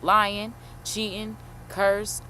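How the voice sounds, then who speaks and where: A woman host chatting casually while reacting to a video, animated and slangy, swearing and calling listeners honey. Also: mid-range voice, drawn-out words, a little hiss or hum. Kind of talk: casual chat.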